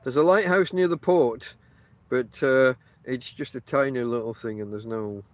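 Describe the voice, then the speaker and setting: A mid-range male voice at normal speed belongs to a middle-aged podcast host from England whose northern accent blends Yorkshire and Lancashire. Outdoors by the coast, he chats to listeners directly in a meandering monologue, full of ums and restarts as he tells his stories.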